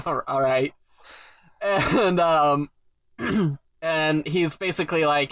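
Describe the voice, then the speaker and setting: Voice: mid-range voice, very slow, gravelly, long pauses, fairly bright tone, no room sound. Podcast host, amused recap storyteller, dry close recording. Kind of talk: casual recap chat.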